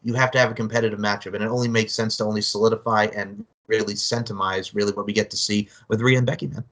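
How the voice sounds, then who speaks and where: Man, lowish voice, co-host, rambling, lots of "I mean", casual podcast chat. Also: steady tone, fast talker, a bit bright. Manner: rambling, heavy use of "I mean". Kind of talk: casual wrestling news chat.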